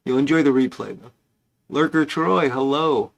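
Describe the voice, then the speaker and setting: A man's voice: mid-range voice, moderate pace, gravelly. A man hosting a casual pipe-smoking livestream, rambling and chatty as he greets viewers by name.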